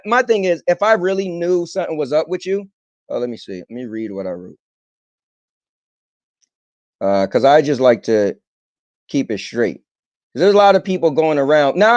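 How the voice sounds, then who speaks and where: A man's voice: a little high, no room sound, highs cut off. A man hosting a podcast, telling a long story casually with lots of ums. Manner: rambling, animated retelling with filler ums. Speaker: podcast host.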